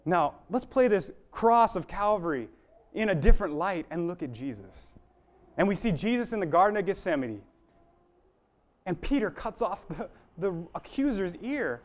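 A man's voice: sits high, big pitch swings, moderate pace. A man preaching a sermon in an earnest, building way, with fillers and restarts along the way.

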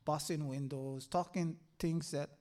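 An older man giving a personal faith testimony, halting and earnest, with many fillers. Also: fairly high pitch, fairly even intonation, a little mellow. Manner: halting, earnest, full of "you know" fillers.

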